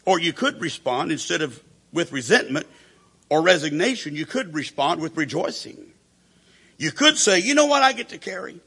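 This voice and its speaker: Man, preacher, sermon, storytelling, acts out quotes, husky, tense tone. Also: mid-range voice, bright, forceful tone.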